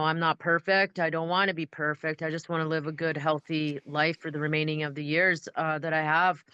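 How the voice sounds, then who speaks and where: Bright-voiced woman on lo-fi call audio. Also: low voice, smooth, no room sound. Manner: apologetic, hesitant, reflective. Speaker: podcast guest. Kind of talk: casual recovery podcast chat.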